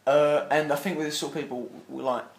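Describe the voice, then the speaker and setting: A man's voice: on the high side, fairly even intonation, fast talker, vocal fry, slight background noise. A young man co-hosting a casual podcast, rambling with lots of "like" and frequent laughter. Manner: rambling, filler-heavy, laughs often. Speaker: podcast co-host. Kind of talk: casual chat. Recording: roomy echo.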